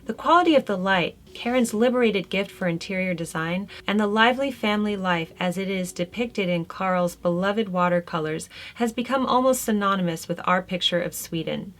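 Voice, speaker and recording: A woman's voice: mid-range voice, normal speed, few pauses. A woman hosting a lifestyle video, reading art history notes aloud and breaking off for casual, chatty asides. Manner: conversational, chatty, laughs between remarks. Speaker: host.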